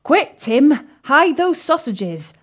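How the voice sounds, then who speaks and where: A woman voicing a nervous, polite frog prince in a children's storybook, with a croaky voice. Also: high-pitched, sing-song, slow, voice pushed up, full character voice. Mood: panicked.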